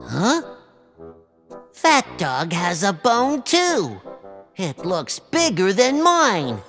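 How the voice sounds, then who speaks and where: A woman's voice: mid-range voice, wildly swooping pitch, extremely slow, fairly bright tone, heavily acted. A woman voicing a greedy, hungry male stray dog in a children's storybook, barking and grumbling. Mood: scheming. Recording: faint music behind.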